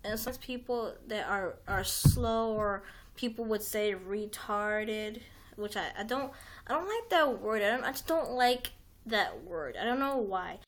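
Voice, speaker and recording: A woman's voice: medium pitch, lively intonation, unhurried, slight background noise. A young adult woman hosting a livestream, chatting casually in a rambling way, full of "like" and restarts, with some swearing. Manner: rambling, heavy use of "like", frequent restarts, swears. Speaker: livestream host.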